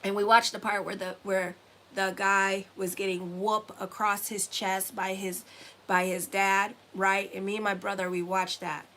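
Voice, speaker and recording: A woman's voice: medium pitch, level tone, unhurried, bright, forceful tone, slight background noise. A woman in her forties giving a casual weekly horoscope reading as an astrologer and tarot reader, blunt, rambling and profane.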